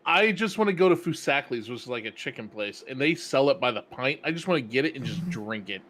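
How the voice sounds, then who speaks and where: Playful, self-mocking stream co-host. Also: male voice, medium pitch, animated, brisk, a bit bright. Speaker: sim racing co-host. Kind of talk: casual stream banter.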